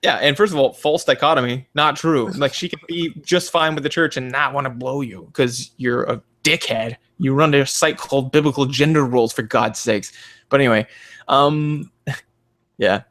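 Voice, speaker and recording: A man's voice: mid-range voice, moderate pace, a bit bright. A man co-hosting a podcast, riffing sarcastically and swearing as he mocks what he reads, often slipping into mocking voices. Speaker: podcast co-host; advises parents. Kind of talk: casual comedic commentary.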